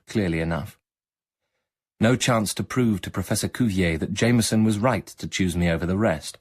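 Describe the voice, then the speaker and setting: A man with a fairly low voice reads a story in the first person for radio. His delivery is measured and reflective, suited to an unhurried literary narration. It comes from an archived broadcast. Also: slightly rough.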